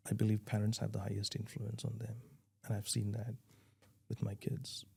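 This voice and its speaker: A man's voice: lowish voice, monotone, moderate pace, creaky, darkish tone, husky. A man speaking earnestly in an interview, advising on parenting and restarting his sentences as he thinks. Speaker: parenting guest. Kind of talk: conversational interview answers.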